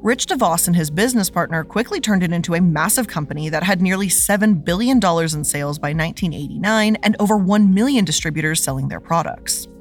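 A woman hosting a scripted show, narrating with a sarcastic, lively delivery. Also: fairly low pitch, quick pace, few pauses, soft background music. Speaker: host.

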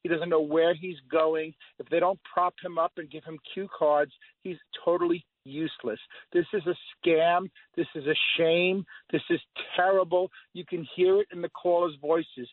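A man's voice: a little high, fairly even intonation, moderate pace, few pauses, no room sound. A middle-aged man calling in to a radio talk show, ranting emphatically and repeating himself for effect. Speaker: caller. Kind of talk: call-in radio opinion. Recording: phone line.

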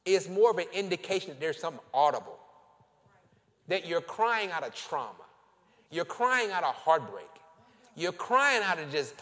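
A male pastor preaching a sermon, leading his congregation in call and response with slow, drawn-out emphasis. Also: high voice, big pitch swings, a bit bright. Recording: long reverb of a church hall.

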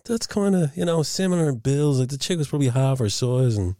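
A man's voice: medium pitch, lively intonation, fairly quick, warm tone, no echo, studio quality. Rambling Irish man in casual chat. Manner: rambling, sweary anecdotes.

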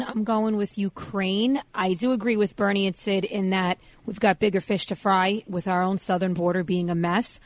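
A woman on a talk radio round-table gives a measured, earnest opinion. Her voice sits mid-range. The studio sound is dry. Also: medium pitch, no echo. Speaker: radio show staffer.

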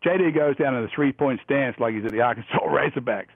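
A profane, animated storyteller from Australia, a man in his fifties. His voice is husky and dry, heard through a tinny phone line. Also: mid-range voice, fast, dry recording. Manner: profane, animated yarn-spinning. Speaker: guest golfer. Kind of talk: storytelling anecdotes.

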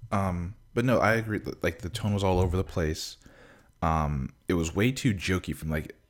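Very deep-voiced man, casual and rambling. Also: normal speed. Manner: rambling, exasperated, swears freely, many fillers. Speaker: film discussion co-host. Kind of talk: casual chat.

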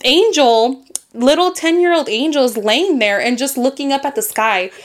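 A woman co-hosting a casual podcast chat, telling stories in an animated way with lots of fillers and casual swearing. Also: high voice, normal speed. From grew up in a Latino immigrant family in the US. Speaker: podcast co-host.

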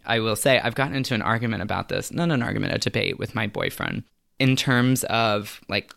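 A young adult man, a guest in a casual interview, telling animated stories in a chatty way. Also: fairly low pitch, a little fast, creaky, dry recording, studio quality.

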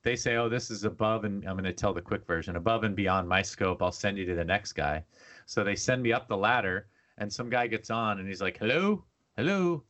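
A fairly quick-talking man on the low side co-hosts a podcast. In relaxed conversation he tells stories with animation, acting out the voices of others.

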